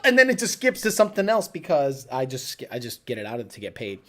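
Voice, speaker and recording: Animated, profane woman telling stories. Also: mid-range voice, fast, few pauses. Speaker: live show host. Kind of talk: casual storytelling.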